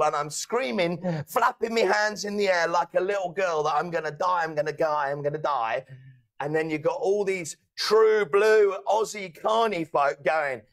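A man's voice: on the high side, fairly bright tone. A British man hosting a casual chat, telling stories animatedly, swearing and laughing as he goes. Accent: British English. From England.

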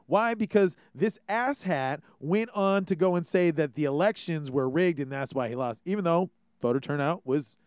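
A man's voice: a little high, darkish tone, clean tone, dry recording, studio quality. A young man with a Hawaiian accent hosting a casual podcast, rambling and ranting with plenty of swearing. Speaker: podcast host. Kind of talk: casual monologue.

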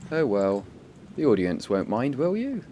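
A man chatting casually while playing a game, easily startled and quick to exclaim. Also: mid-range voice, wildly swooping pitch, warm tone. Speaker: gamer. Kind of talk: casual let's-play chat. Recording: faint background noise.

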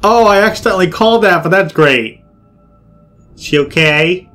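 A man giving loud, jokey game commentary, swearing and yelping in fright as he plays. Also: sits high, animated, moderate pace, faint music behind. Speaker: gaming video creator.

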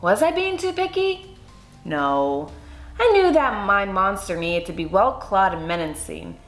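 Slow, expressive woman reading aloud. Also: mid-range voice. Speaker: children's book reader. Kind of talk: storybook read-aloud. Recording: echoey room, faint music.

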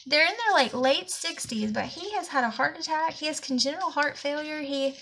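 A woman's voice: sits high, brisk, sharp tone, slight background noise. A woman with a Southern US accent telling a long indignant story in a chatty vlog, slightly out of breath. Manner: chatty, indignant rambling anecdote. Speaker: planner vlogger.

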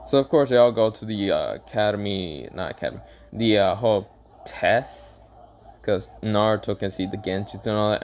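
A man with a fairly low voice loosely retelling a made-up story. He rambles, fills gaps with "uh" and "like," and keeps tripping over names before correcting himself. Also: a little mellow. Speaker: YouTube storyteller. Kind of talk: casual improvised fan-fiction retelling.

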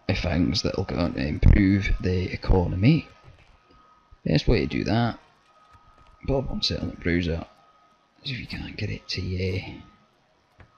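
Deep gravelly Scottish gamer. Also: male voice, a little mellow, slight background noise. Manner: sweary, blunt, joking banter. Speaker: gaming channel host. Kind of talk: let's play gameplay commentary. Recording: slightly dull audio with faint game music.

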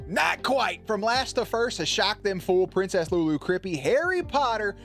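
A man's voice: high-pitched, very animated, normal speed, fairly bright tone, faint music behind. A young man streaming and commentating marble races in a hyped, playful way, swearing freely and calling the action like a sportscaster. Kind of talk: casual livestream commentary.

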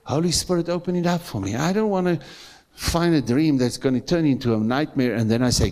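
Emphatic South African pastor preaching. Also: male voice, on the high side, a little fast, darkish tone. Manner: emphatic, repeats phrases, asks the congregation questions. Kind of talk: sermon. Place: church.

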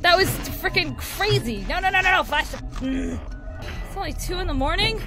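A young woman hosting a let's play of a horror game, chattering excitedly and shrieking at scares. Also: extremely high pitch, normal speed. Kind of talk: excitable gameplay commentary. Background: game music.

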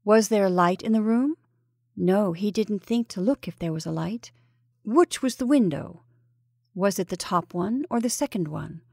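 A woman narrating a classic ghost story in a measured, even reading style. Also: medium pitch, vocal fry, no echo, clean studio sound.

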